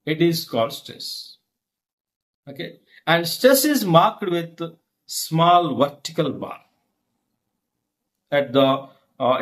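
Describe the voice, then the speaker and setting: Teacher guy, middle aged, talks slow, keeps checking you get it. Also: a little high. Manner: slow, repetitive, checks understanding often. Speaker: English lecturer. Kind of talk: classroom-style teaching.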